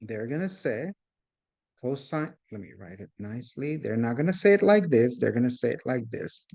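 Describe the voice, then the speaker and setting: A man's voice: mid-range voice, expressive, normal speed, gravelly, a little mellow. A man teaching a math class, explaining step by step and often checking in with his students. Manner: addresses the class as "guys", invites questions. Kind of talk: classroom lecture.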